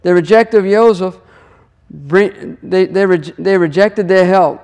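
A man's voice: sits high, slow pace, a little mellow, smooth. A man giving an earnest devotional teaching on scripture, repeating phrases and praying aloud. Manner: earnest, repetitive, prays aloud. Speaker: Torah teacher.

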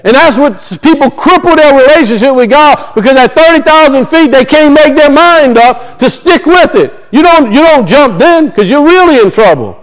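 A man's voice: very high-pitched, lively intonation, normal speed, hardly any pauses, low-quality recording. A man preaching a sermon, emphatic and repetitive, his voice rising and falling as he drives points home.

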